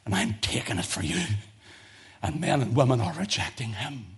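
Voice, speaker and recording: A male preacher delivering a fervent sermon, swinging from loud emotional crescendos to low, intense tones. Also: lively intonation, normal speed, slightly rough.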